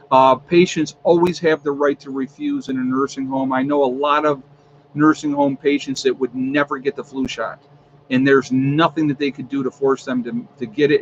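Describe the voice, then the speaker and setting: A man's voice: mid-range voice, lo-fi sound, slight background noise. A man hosting a casual livestream from home, chatting with his viewers and filling his talk with ums and uhs. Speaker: livestream host.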